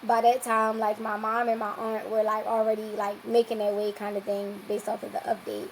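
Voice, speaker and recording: A young woman, a podcast guest, telling a long personal story in a lively, casual way and acting out what people said. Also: medium pitch, normal speed, vocal fry, a little hiss or hum, poor audio. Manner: lively, acts out quoted dialogue.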